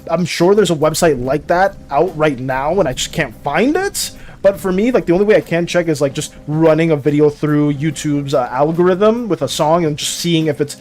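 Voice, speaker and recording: A young man in his twenties chatting casually on his art stream, excitable and ranting, tripping over restarts and breaking into laughs. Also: fairly high pitch. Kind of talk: casual live-stream chat.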